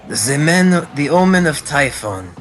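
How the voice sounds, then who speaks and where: An eager wannabe soldier speaks with a put-on French accent, pitched somewhat lower than the narrator's own voice, as a game master plays him. He sounds stiff and deferential, a fawning subordinate in a tabletop role-play game. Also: sing-song, unhurried, a bit bright, slight background noise, rough recording. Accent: fake French accent.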